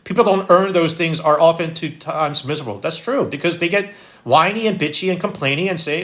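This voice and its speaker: Live-stream host, man, Philadelphia accent, higher-pitched, blunt and no-nonsense while reading comments. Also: fairly quick, a bit bright. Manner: blunt, wisecracking, reads viewer comments aloud. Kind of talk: casual live-stream chat.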